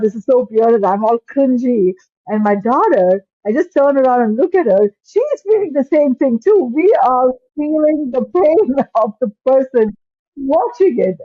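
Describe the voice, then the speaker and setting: A woman's voice: fairly high pitch, slightly rough, no room sound, phone-quality sound. A woman hosting an interview podcast, chatty and telling stories with fillers. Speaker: podcast host, cardiologist.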